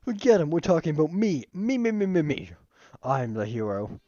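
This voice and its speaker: A man's voice: medium pitch, normal speed, a little mellow, dry recording, natural voice. A vain, dramatic chef hero, put on by a man, speechifying grandly about himself in a clumsy put-on accent. The recording is dull and lo-fi, dry with no room sound. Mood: self-absorbed. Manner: grandiose, self-centered speechifying.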